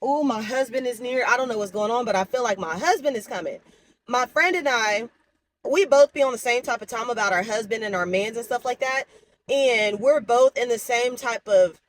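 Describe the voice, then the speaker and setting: A woman's voice: a little high, rough recording. A young woman vlogger talking candidly to her viewers in a chatty, casual way. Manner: chatty, candid, addresses viewers as y'all and baby. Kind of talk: casual talk to camera.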